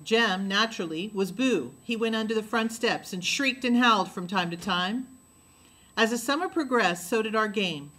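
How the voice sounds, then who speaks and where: A woman narrating a novel aloud in a steady storytelling voice. Her tone is bright and forward, with a middle pitch. She lowers her voice for the dialogue tags. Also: moderate pace. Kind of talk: audiobook reading of a novel.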